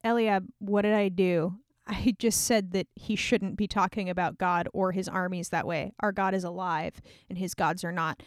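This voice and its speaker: A woman's voice: fairly low pitch, fairly even intonation, normal speed, no room sound, studio quality, lightly acted. A woman voicing a brash, zealous young shepherd boy who talks with a cocky, indignant edge. The figure is bold and impulsive, and his lines are delivered casually in a storytelling retelling.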